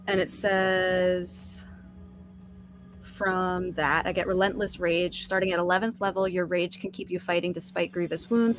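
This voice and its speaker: A woman's voice: on the low side, a bit bright. Woman player reading out game rules. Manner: reads rules aloud, laughs often. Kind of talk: casual game chat.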